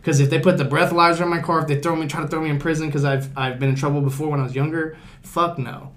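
A man's voice: fairly high pitch, fairly even intonation, very fast. A man hosting a podcast, telling rambling, profane stories in casual chat. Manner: acts out cops and others in quoted voices. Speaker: podcast host.

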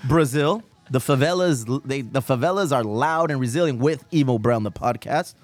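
A man's voice: mid-range voice, normal speed, dry recording. A man hosting a podcast in casual chat, swearing a lot and rambling in slang. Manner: profane, slangy and rambling, calls people dog and bro. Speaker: podcast host.

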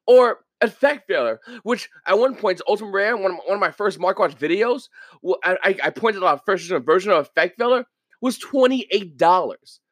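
A man hosting a casual podcast monologue, talking in an animated way and acting out the people he quotes. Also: sits high, moderate pace, no room sound. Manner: animated, acts out quoted viewers. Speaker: podcast host.

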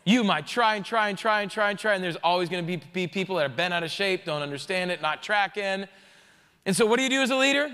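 A man, a pastor, preaching a sermon in a conversational, jokey, animated way. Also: high voice, long reverb tail.

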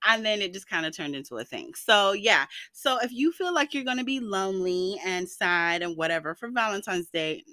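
A young woman chats through her podcast in a bright, lively voice, rambling freely and dropping playful slang. The sound is close and dry, with no room around her. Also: mid-range voice, normal speed, hardly any pauses, no room sound. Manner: chatty, animated and rambling. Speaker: podcast host. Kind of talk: casual solo podcast chat.

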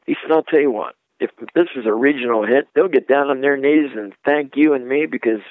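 A man's voice: mid-range voice, expressive, a little fast, few pauses, no room sound. An older man from Ohio, a record producer, telling rambling stories as an interview guest and acting out the voices of the people he quotes. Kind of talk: anecdotal storytelling interview. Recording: tinny phone-like line, dry.

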